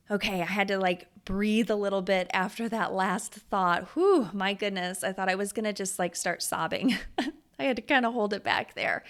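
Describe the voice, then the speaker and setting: A woman in her thirties hosting a motivational podcast, talking to listeners in an earnest, confiding way that turns emotional. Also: medium pitch. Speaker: podcast host.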